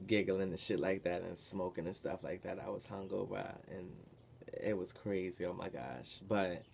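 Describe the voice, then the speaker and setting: A young man telling a story from his past in a casual, animated, profane way, with sudden loud bursts. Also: sits low, creaky. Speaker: vlogger.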